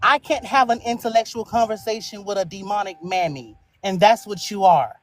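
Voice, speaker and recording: A woman on a live audio panel debate, taunting and hurling slow, drawn-out insults. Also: mid-range voice. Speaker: panel speaker.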